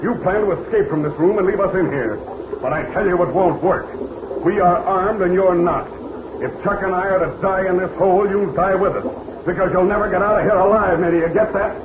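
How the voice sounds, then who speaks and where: An actor playing a heroic, commanding pilot in a 1930s radio drama, giving firm, clipped orders. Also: male voice, high voice, a little fast, phone-quality sound, lightly acted. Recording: echoey old radio recording with hiss.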